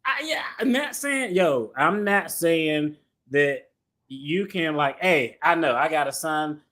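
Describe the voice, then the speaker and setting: A man hosting a reaction show, talking in an animated, slangy way and laughing often as he comments. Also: on the high side, slow pace. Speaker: attorney reaction host.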